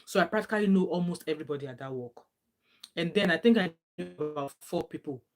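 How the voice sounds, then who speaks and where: A woman's voice: fairly low pitch, fast talker. Young Nigerian-accented woman, chatty vlogger who tells stories with restarts and slips into Pidgin. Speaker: vlogger reading viewer comments. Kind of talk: casual chat.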